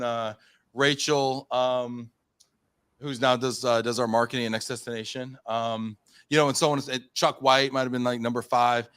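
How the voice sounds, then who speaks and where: A man in his thirties from the United States, telling a story as a podcast guest, animated and full of fillers, acting out his own quotes. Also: medium pitch, smooth. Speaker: podcast guest, company founder. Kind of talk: casual storytelling in an interview.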